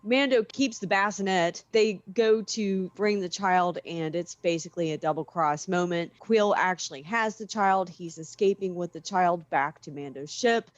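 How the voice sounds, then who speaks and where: Female co-host, mid-pitched, steady recapper, dull dry lo-fi mic. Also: moderate pace, few pauses, no echo. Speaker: podcast co-host. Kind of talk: casual review discussion.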